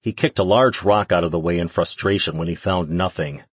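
A man narrating a fantasy audiobook in a steady, even reading. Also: low-pitched, a little fast, breathy edge, no echo. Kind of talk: scripted narration.

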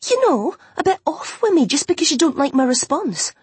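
A woman's voice: high-pitched, sing-song, fairly quick, no room sound, voice pushed up. A woman voicing Jenny, a blunt, exasperated young best friend, in an audiobook. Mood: exasperated, worried. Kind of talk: audiobook character voice.

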